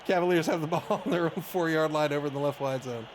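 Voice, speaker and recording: Male stream commentator, high and animated, self-mocking storyteller, noisy background. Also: quick pace. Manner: chatty, self-mocking storyteller, laughs often. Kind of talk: casual game commentary and chat. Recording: audible background noise.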